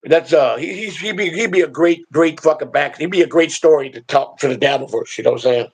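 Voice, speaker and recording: A man with a slightly high, slightly rough voice talks a bit fast as he hosts a live stream. He's a streamer and show host telling casual stories in a rambling, blunt, profane way.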